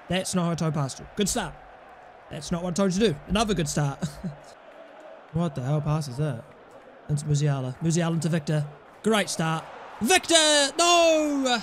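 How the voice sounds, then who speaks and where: A man with a notably high voice commentates on his own football video game as he plays. He calls the passes in short bursts and breaks into exasperated, sweary rants at his players. A faint hum sits under the voice. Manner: jumps between play-by-play and rants. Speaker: gaming YouTuber. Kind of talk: live gameplay commentary.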